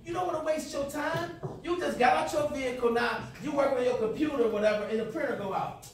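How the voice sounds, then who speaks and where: A man's voice: extremely high pitch, quick pace, slight background noise. A man teaching a class, lecturing with role-play and quizzing students in call-and-response. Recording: echoey classroom from far off.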